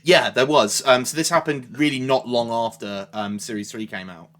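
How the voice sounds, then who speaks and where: A man's voice: mid-range voice, moderate pace, a bit bright. A British man, an actor guest on a podcast, easygoing and modest, chatting casually. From Britain. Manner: easygoing, modest, laughs often. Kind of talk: casual interview chat.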